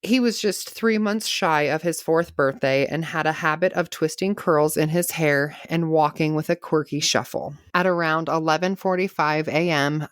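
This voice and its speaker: A woman with a low voice narrates a true crime case for a podcast. She reads steadily and breaks off now and then for casual asides and laughter. The sound is dry and close. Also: dry recording. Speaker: podcast host.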